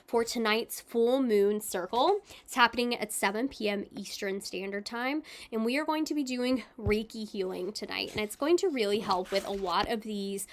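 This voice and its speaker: A young woman giving a casual, gentle and upbeat tarot reading with frequent fillers. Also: mid-range voice, normal speed, few pauses, slight background noise. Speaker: tarot reader.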